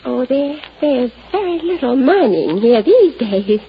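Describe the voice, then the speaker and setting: An actress playing a nervous, giggly small-town librarian who stammers and talks in hushed tones, in a 1950s radio drama. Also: female voice, high-pitched, big pitch swings, unhurried, a little hiss or hum, full character voice. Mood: fluttery. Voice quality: breathy, giggly, hesitant. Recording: dull lo-fi old radio recording.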